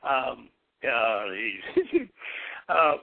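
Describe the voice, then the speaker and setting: An older man hosts a call-in radio show on occult philosophy, rambling, repeating words as he muses, and chuckling often. His gravelly, medium-pitched voice has huge pitch swings and drawn-out words, in a dry, tinny, phone-like radio sound.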